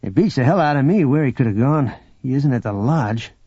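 A man's voice: mid-range voice, animated, brisk, mellow, husky, no echo. A man reading an audiobook, voicing a blunt, protective male smuggler in a matter-of-fact tone. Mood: brisk. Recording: dull lo-fi audiobook recording.

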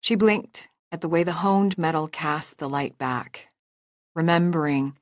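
A woman reading a novel aloud as narrator in a measured, even storytelling manner. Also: low voice, no echo, studio quality. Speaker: audiobook narrator. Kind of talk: scripted narration.

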